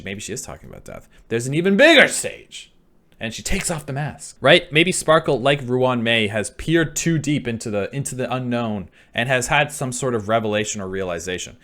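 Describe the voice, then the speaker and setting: Excitable reaction-video guy. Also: mid-range voice. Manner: excitable, swears freely, rambling theories. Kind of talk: casual reaction commentary.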